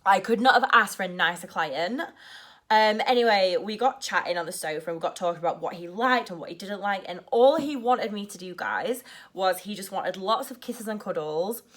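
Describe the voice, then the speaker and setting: A young woman telling a story in a casual vlog, rushed and nervous, saying "like" constantly. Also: mid-range voice, expressive, fairly bright tone. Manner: rushed and nervous, heavy use of "like". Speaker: vlogger.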